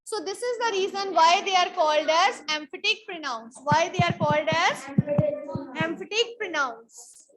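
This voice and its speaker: A woman's voice: extremely high pitch, lively intonation, normal speed, a bit bright, slight background noise, rough recording. A woman teacher giving a grammar lesson in a school classroom. She asks a question, answers it, and repeats it as a drill, calling on students by name.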